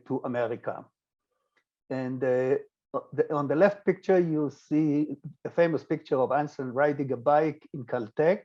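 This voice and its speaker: An older man with an Israeli accent giving a physics lecture, pausing often with fillers and restarts. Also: fairly high pitch, darkish tone, lo-fi sound. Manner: hesitant, many filler sounds and restarts. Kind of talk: recorded lecture with slides.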